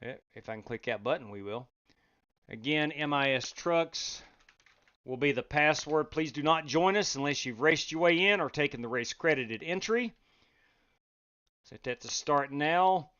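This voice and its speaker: Man, racing stream host, chatty, fairly high voice, muffled lo-fi sound. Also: a little slow. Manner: chatty, reads chat aloud, bursts into loud exclamations. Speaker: sim racing league host. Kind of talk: live-stream race commentary.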